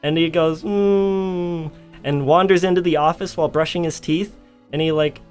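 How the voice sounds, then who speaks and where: A man's voice: a little high, steady tone, brisk, soft background music. A streamer telling a story in casual chat, laughing often as he talks. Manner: giggly storytelling.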